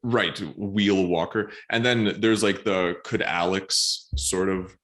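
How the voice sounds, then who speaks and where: A man co-hosting a podcast, musing about a book in a hesitant, casual way with many pauses and fillers. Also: low-pitched, steady tone, fairly bright tone. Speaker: podcast co-host.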